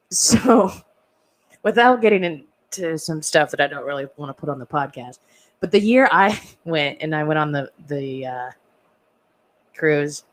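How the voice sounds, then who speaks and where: A woman's voice: low voice, animated, moderate pace. Chatty woman rambling with asides. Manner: rambling with asides and soft laughs. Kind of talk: casual podcast chat.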